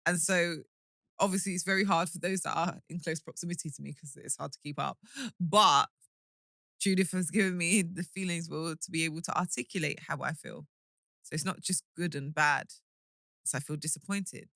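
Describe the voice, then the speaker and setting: A young woman chatting on a podcast, her voice bright and forward. She talks in a playful, animated way and laughs a lot. The sound is dry and close, with no room around it. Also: on the low side, moderate pace, vocal fry, dry recording. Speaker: podcast co-host. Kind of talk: casual chat.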